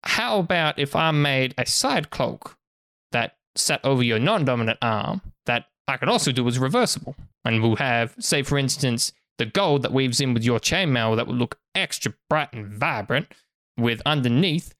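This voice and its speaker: A man's voice: medium pitch, lively intonation, moderate pace, a bit bright, dry recording, clean studio sound. A man voicing an eager male clothing merchant with pushy sales patter. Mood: salesy.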